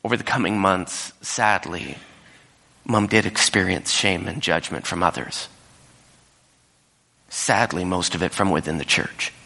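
A male pastor delivering a sermon and telling a story, dropping to whispers and rising high when he quotes people. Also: a little slow, creaky, long pauses, sharp tone. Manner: storytelling, drops to whispers and rises high when quoting others. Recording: echoey hall with long reverb.

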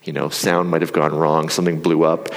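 A middle-aged man speaking from a stage, calmly coaching an audience through a breathing exercise. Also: very deep voice, fairly quick. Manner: calm, coaching, with demonstrations. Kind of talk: live talk with guided breathing. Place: large hall before an audience. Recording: live hall with long reverb.

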